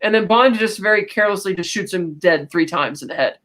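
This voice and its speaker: Podcast co-host, casual recap, rambling delivery, quick quoted asides, mid-pitched voice. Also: a bit bright.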